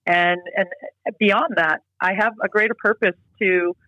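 A woman's voice: medium pitch, fairly even intonation, a little slow, sharp tone, no room sound, muffled recording. A middle-aged woman speaking as an interview guest. She talks earnestly and emphatically, often restarting her sentences. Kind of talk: casual interview talk.

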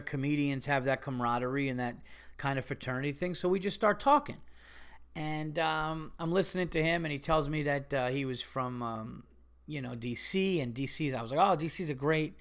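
A man, a comedian hosting his own podcast, telling a rambling story in casual monologue. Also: on the high side. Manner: rambling, animated, gets loud and exasperated telling a story.

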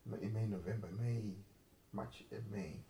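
A man's voice: fairly low pitch, moderate pace, creaky, dark tone, a little hiss or hum. A man co-hosting a podcast in casual chat, rambling and correcting himself, laughing often. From Africa. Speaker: podcast co-host. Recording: roomy echo with faint ambience.

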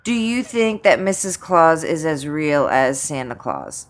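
Woman in her thirties, podcast co-host, unhurried, hesitant delivery, slightly low pitch. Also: very animated. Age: 30s. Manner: hesitant, many fillers and restarts. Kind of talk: casual chat.

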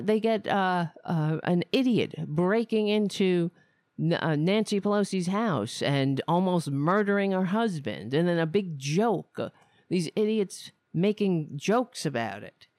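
A woman's voice: mid-range voice, animated, measured pace, a little mellow, no room sound, studio quality. A woman hosting a live political commentary stream, ranting with scorn and stumbling over her words.

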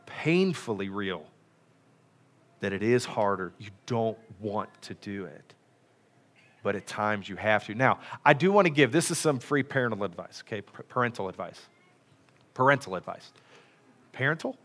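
In a church sanctuary, a pastor with a medium-pitched, fairly bright voice delivers a casual, folksy sermon. He is chatty and self-deprecating and uses many fillers.

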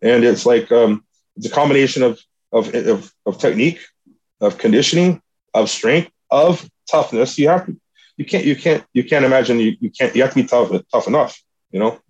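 Guy with a husky voice, rambling motivational story, kinda dull lo-fi sound. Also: medium pitch, normal speed, darkish tone. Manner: earnest, motivational, rambling retelling. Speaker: jiu-jitsu athlete. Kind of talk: casual storytelling. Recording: dull lo-fi recording.

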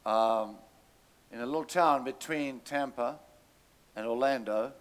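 A man's voice: medium pitch, unhurried. A man preaching a sermon, telling a story animatedly and calling out to his congregation.

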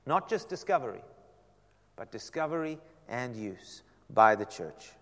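A man preaching a sermon to a seated congregation, swinging from loud emphasis down to a soft near-whisper. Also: medium pitch, big pitch swings, measured pace. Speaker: pastor. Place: church sanctuary. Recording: long hall reverb.

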